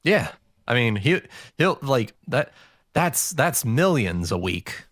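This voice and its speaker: A man's voice: mid-range voice, very animated, slow, a bit bright, no room sound, studio quality. A man talking as a guest on a casual podcast, often repeating words and restarting his sentences.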